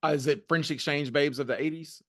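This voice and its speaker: A man's voice: fairly high pitch, fairly even intonation, fairly quick, fairly bright tone, no echo. Dry-voiced male interviewer. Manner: plain, hesitant with uh fillers. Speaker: interviewer host. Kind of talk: interview questions.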